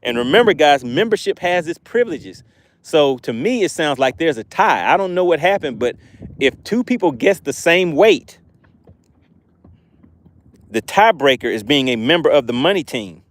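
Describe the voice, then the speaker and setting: A man hosting a fishing live stream while he fishes. He reads the chat aloud, keeps exclaiming in excitement and keeps plugging channel membership. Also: on the high side, normal speed. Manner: chatty and promotional. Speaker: fishing livestream host.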